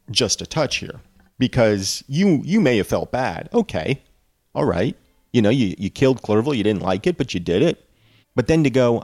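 Chatty, sarcastic man with a low voice. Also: no echo, clean studio sound. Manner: chatty and sarcastic, slangy asides. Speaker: book reader and commentator. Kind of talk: casual commentary on a classic novel.

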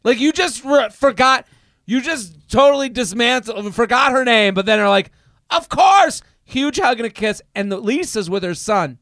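Man, podcast host, high voice, animated storyteller, dry close mic. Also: moderate pace, dry recording. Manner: animated storyteller, acts out his mom's lines in a high voice. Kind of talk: casual storytelling chat.

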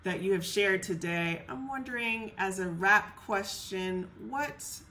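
Bright-voiced woman podcast host. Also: medium pitch, takes it slowly, slight background noise. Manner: warm, affirming questions. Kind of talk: interview podcast.

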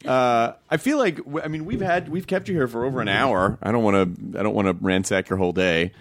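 Host, male, teasing and playful, very lively pitch. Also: fairly quick, no echo, studio quality. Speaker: podcast host. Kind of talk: casual chat.

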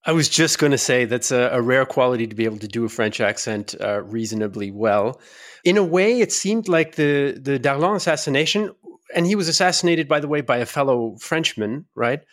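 A man's voice: medium pitch, expressive, a little fast, fairly bright tone. Curious man asking rambling questions. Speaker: podcast host. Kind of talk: podcast interview questions.

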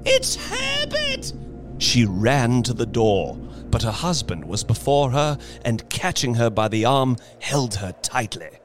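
A man narrating a story in a slow, suspenseful dramatic reading, with music behind him. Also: mid-range voice, lively intonation. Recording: reading over background music.

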